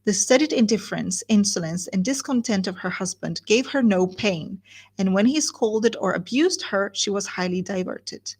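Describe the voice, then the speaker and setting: A woman teaching literature, reading a novel aloud and stopping to comment, slowing down on words she wants to stress. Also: mid-range voice, animated, a little mellow, breathy edge.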